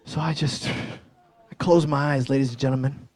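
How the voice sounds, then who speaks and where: A man in his forties performing a high-energy stand-up set, telling a story animatedly on a comedy club stage. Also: steady tone, moderate pace, darkish tone, no echo.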